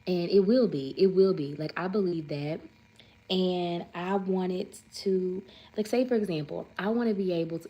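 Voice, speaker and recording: A woman's voice: lowish voice, moderate pace, dark tone, low-quality recording. A woman, hosting a casual livestream chat, rambling and saying "like" often. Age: 30s. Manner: chatty, rambling, says "like" often; reads viewer comments aloud. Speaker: livestream host.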